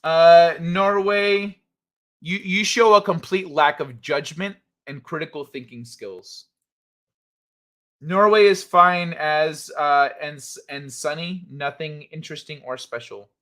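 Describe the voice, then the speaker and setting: A man's voice: on the high side, takes it slowly, fairly bright tone. A man hosting a casual livestream, reading chat and ranting in a heated, blunt, profane way.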